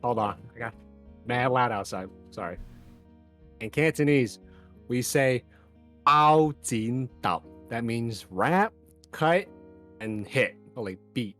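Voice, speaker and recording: A man's voice: mid-range voice, lively intonation, takes it slowly, long pauses, faint music behind. A man from New York on a voice call, confidently explaining and joking in casual chat. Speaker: caller.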